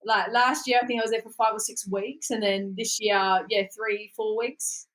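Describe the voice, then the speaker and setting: A woman's voice: medium pitch, moderate pace, poor audio. Laid-back young Australian woman. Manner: relaxed, laughs often, trails off into fillers. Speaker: guest boxer. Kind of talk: casual interview chat.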